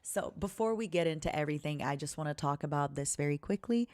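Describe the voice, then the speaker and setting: Young woman, streamer, cozy soft chat, gentle, deep-ish voice. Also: no echo. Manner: gentle, talks slowly and softly.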